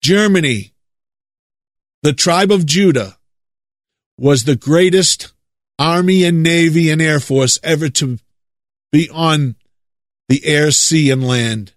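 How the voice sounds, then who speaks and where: A man from the United States delivers a preaching monologue in a fairly high voice, stretching his stressed words and repeating them to drive a point home. The sound is dry and close, with no room around it. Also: dry recording. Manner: emphatic, drawn-out stresses, repeats words for effect.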